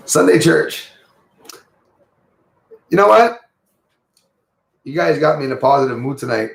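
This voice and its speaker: A man's voice: a little high, animated, unhurried, vocal fry, pauses often, echoey room. A man from Quebec with a Quebec French accent, hosting a casual livestream, greeting viewers and rambling in a friendly way. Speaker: livestream host.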